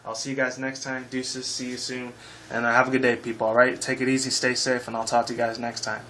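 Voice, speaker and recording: A man's voice: medium pitch, completely flat delivery, fast talker, pushed and bright, slight background noise, low-quality recording. A man in his twenties hosting a casual game-review video, rambling and heated, with frequent swearing. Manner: casual sign-off slang. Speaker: gaming video host.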